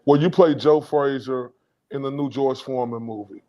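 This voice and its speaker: A man's voice: mid-range voice, normal speed, mellow. A man hosting a podcast, asking a guest long, rambling questions. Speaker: podcast host. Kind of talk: interview questions. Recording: dull lo-fi sound.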